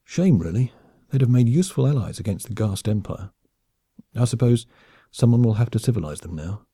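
A man's voice: mid-range voice, expressive, brisk, dark tone, husky, no room sound, studio quality. A man voicing a jaunty, cheerfully oblivious male space captain with breezy understatement.

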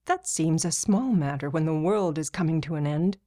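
A woman voicing a blunt senior officer, brisk and matter-of-fact. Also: deep voice, dark tone, natural voice.

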